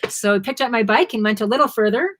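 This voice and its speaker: A woman's voice: fairly high pitch, fast, slight background noise. A woman from Canada, co-hosting a live stream and vividly recounting a motorcycle trip in a casual chat. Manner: vivid, expressive storyteller. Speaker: co-host, motorcycle traveller. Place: home during quarantine.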